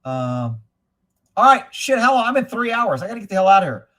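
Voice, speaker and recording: A man's voice: high-pitched, sing-song, fairly quick, a bit bright. A middle-aged man hosting a casual livestream, blunt and crude, joking and reading viewer comments aloud. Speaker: livestream host reading chat. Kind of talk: casual profane livestream chat.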